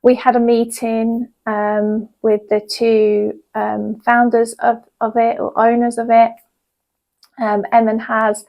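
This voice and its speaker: A woman's voice: on the high side, little pitch movement, slow pace, gravelly, muffled recording. A woman, a yoga teacher chatting casually in a home vlog, rambling with lots of ums. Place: at home in her yoga room.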